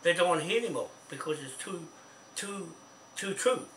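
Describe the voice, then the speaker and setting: A man's voice: sits high, animated, normal speed, fairly bright tone. A man with a New Zealand accent talking in a rambling, insistent way on a call, with many restarts and repeated words, often asking "see?". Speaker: speaker on a phone call. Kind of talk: rambling phone chat. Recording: echoey, distant, faint hiss.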